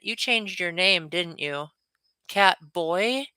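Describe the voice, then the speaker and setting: Young man, livestream chat, chatty and rambling, bright ringing tone, dry close mic. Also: sits high, takes it slowly, smooth, no room sound. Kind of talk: casual livestream chat with viewers.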